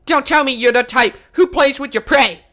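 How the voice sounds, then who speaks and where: A man reading a game aloud, voicing a fierce, vengeful young woman fighter who shouts and hurls insults. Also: extremely high pitch, moderate pace, pitched above the performer's own voice, full character voice. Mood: defiant.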